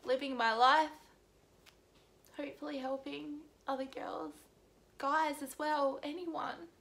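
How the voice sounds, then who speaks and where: A woman's voice: sits high, fairly even intonation, slow pace, gravelly, fairly bright tone. A young woman from Australia talking earnestly in a personal vlog, pleading and close to tears at times. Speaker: vlogger.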